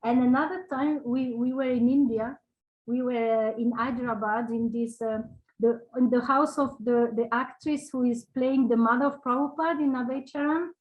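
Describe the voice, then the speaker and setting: Woman with a fairly high voice reminiscing. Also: fairly even intonation, moderate pace, narrow, tinny audio. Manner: tells anecdotes with tag questions and frequent restarts. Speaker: interview guest. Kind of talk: personal storytelling in conversation.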